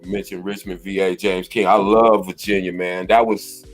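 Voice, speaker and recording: A man's voice: deep voice, flat delivery, normal speed, soft background music. A man co-hosting a casual live-stream chat, easygoing and agreeable, telling stories. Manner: easygoing, agreeing, tells stories with put-on greetings.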